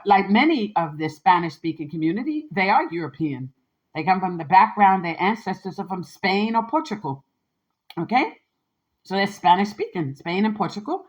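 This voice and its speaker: On a lo-fi recording, a female podcast host with a medium-pitched voice talks candidly and casually on her own. She's emphatic and sassy, slangy throughout, and keeps adding "okay?" after her points.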